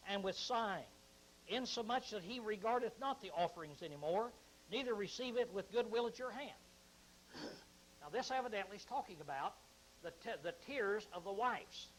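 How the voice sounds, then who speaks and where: A man teaching through a Bible book verse by verse, chatting with many fillers and restarts, reading scripture slowly and with emphasis. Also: high-pitched, fairly bright tone, a little hiss or hum, rough recording. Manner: conversational, frequent uh fillers and restarts.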